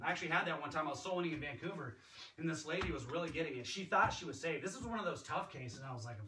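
Speaking quickly in a fairly high pitch, a preacher delivers a sermon in a church sanctuary in a conversational way, acting out quotations. The audio comes from a distant mic in an echoey hall with background noise.

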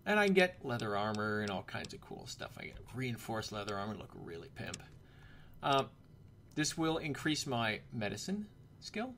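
A man's voice: fairly low pitch, big pitch swings, normal speed, fairly bright tone, a little hiss or hum. A man giving casual commentary over a video game playthrough, chatty and full of joking asides. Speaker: gameplay commentator. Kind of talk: casual let's-play commentary.

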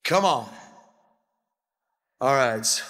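A man fronting a metal band, hyping a concert crowd with shouted, profane banter into a stage mic, recorded live in a large venue. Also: mid-range voice, animated, drawn-out words. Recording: isolated live vocal with long hall reverb.

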